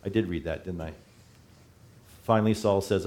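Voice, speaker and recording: A middle-aged man gives a sermon in a church sanctuary. His voice sits slightly low, and his delivery is casual and conversational. He often stops to correct his own wording. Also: moderate pace, darkish tone, slight background noise. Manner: conversational, self-correcting, chuckles at slips. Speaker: pastor.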